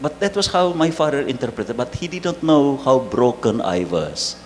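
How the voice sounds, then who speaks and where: A Filipino priest with a Filipino accent telling a personal story in an emotional sermon, laughing at himself. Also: male voice, mid-range voice, very animated, moderate pace. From Philippines. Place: church hall. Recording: reverberant hall, faint noise.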